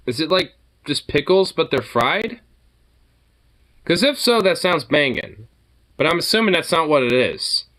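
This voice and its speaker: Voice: medium pitch, big pitch swings, measured pace, pauses often, fairly bright tone, slight background noise. A host giving loose, rambling, profane reaction commentary, full of fillers.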